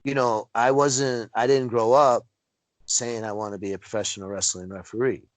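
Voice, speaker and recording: A man's voice: moderate pace, no echo, poor audio. A man, a wrestling referee, telling stories in a casual interview over a video call and acting out quotes with big jumps in his voice. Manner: animated storyteller, acts out quotes with big pitch jumps.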